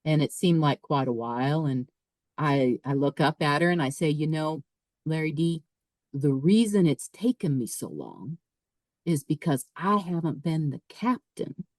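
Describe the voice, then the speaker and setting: A woman, a podcast guest, telling a personal story in a lively way, often repeating and restarting her words. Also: low voice, a little slow, dry recording, rough recording. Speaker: podcast guest, author and speaker. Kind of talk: casual storytelling.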